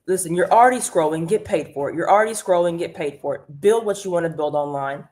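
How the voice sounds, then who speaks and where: A woman hosting a live stream, giving an energetic motivational pep talk about earning extra income and greeting viewers in the chat by name. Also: on the low side, quick pace. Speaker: livestream host and business coach. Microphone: streaming mic.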